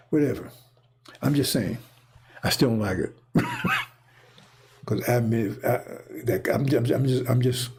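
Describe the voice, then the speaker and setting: This man's medium-pitched voice is creaky, husky, and a little mellow, moving at a moderate pace with long pauses. His prophetic monologue rambles casually and repeats itself, punctuated by check-ins like "see?" and "right?".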